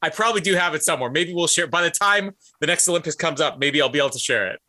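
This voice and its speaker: A man co-hosting a casual podcast, telling a story with lots of laughter. His voice sits fairly high and bright, and his pitch rises and falls a lot as he gets carried away in the telling. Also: lively intonation, racing. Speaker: podcast co-host.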